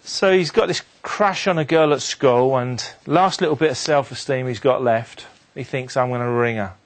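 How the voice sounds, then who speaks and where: Speaking at normal speed, a male motivational speaker tells an animated story to an audience. For the sad moments, he drops his voice low and quiet.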